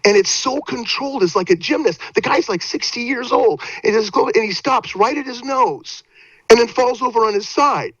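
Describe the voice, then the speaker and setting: An older man telling showbiz stories as a guest, vivid and lively, often tripping over his own restarts. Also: very high-pitched, normal speed, dry recording. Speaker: guest actor. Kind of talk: animated anecdote storytelling. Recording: dry, slightly dull audio.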